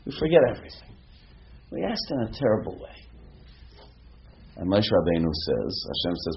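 A man teaching a lively Torah class as a rabbi, asking rhetorical questions and mixing in Hebrew terms. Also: low-pitched, normal speed, creaky, pauses often, slightly rough. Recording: dull lo-fi recording with faint noise.

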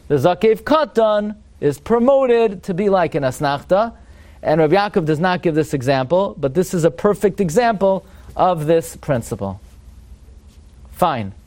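A man with a fairly high voice leads a Torah class. He quizzes the room and slows down to chant verses as he makes each point. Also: darkish tone. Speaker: Torah teacher.

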